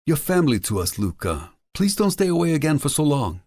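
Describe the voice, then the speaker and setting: A man's voice: on the high side, sing-song, a little fast, a little mellow, no room sound, clean studio sound, voice pushed up. A man voicing an older restaurant owner, affectionate and hearty. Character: older Italian restaurant owner, warm and fatherly.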